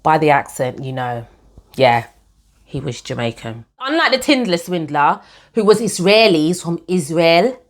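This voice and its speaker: A young woman telling her own story to camera in a chatty, animated way, often calling her viewers guys. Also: low-pitched, unhurried.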